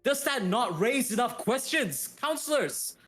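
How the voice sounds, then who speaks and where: A man's voice: extremely high pitch, expressive, unhurried, a bit bright, soft background music, full character voice. A man voicing a rash young male hero who argues in heated, accusing outbursts. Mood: indignant.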